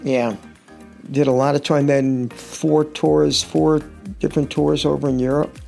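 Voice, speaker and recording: Gravelly guitarist telling wry stories. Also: male voice, a little high, level tone, measured pace, darkish tone, faint music behind. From United States. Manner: rambling anecdotal storyteller, wry humor. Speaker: touring guitarist, guest. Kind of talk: casual interview chat.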